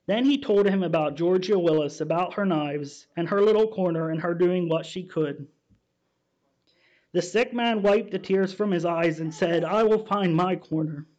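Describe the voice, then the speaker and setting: A pastor reading a story in his sermon, steady and measured, then preaching to his listeners. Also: high-pitched. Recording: dull, muffled sound.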